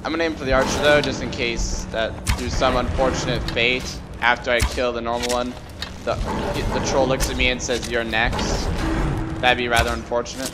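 A young man giving goofy, casual commentary over his gameplay, jumping between loud outbursts and mumbling, and singing to himself. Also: medium pitch, flat delivery, fairly quick. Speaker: let's play gamer. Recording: game music loud behind voice. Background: game music and sound effects.

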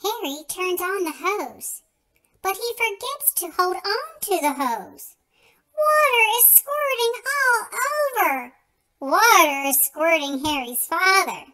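Story-time reader, woman, very high and lively, slow and expressive. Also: poor audio. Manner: slow, expressive, sing-song. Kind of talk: reading a picture book aloud.

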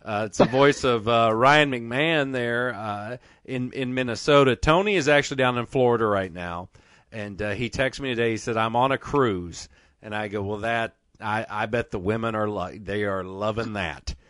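A man's voice: on the low side, moderate pace, fairly bright tone, no echo, studio quality. A man hosting a fishing podcast, chatting casually and joking, with lots of fillers, and reading sponsor plugs. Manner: joking, rambling, many "uh" fillers. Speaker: podcast host. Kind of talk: casual podcast chat with ad reads.

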